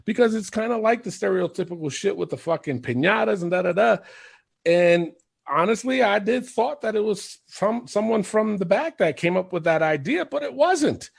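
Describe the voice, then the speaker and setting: A man's voice: high-pitched, animated, normal speed, creaky, slightly rough. A man co-hosting a podcast in casual chat, rambling, laughing and swearing freely. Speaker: podcast co-host.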